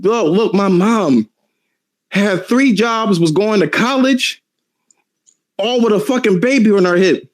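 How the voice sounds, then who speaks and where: A young man in casual podcast chat, telling lively stories and acting out his relatives' lines. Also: high-pitched, a little slow, pauses often. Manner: animated, acts out family members in stories.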